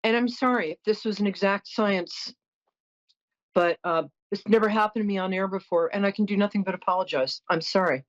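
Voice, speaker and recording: A woman's voice: mid-range voice, a little fast, highs cut off. A middle-aged woman hosting a psychic call-in show, chatting, apologizing and telling stories in a frank, blunt way. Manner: warm-hearted, apologetic, storytelling, blunt. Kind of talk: chatty call-in talk with anecdotes.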